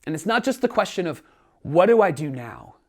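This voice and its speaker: A man's voice: high-pitched, sing-song, fairly quick. A man, a pastor, preaching a sermon with earnest storytelling and rising emphasis. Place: church streaming from home.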